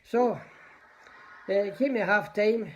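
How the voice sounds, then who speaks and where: Older scottish guy rambling through old stories on a live stream, says hi to viewers as he goes, higher pitched voice. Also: fairly even intonation, takes it slowly, fairly bright tone. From Scotland. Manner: rambling, chatty, greets viewers by name. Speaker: livestream host telling stories. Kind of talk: casual storytelling to live viewers.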